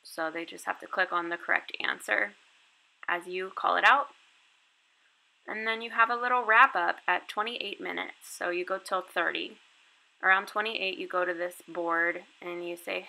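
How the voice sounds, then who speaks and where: Over a screen recording, an online English teacher casually walks through her lessons one step at a time, chatting with filler words. The low-quality recording captures a medium-pitched, moderately paced voice with vocal fry and a bright, forceful tone.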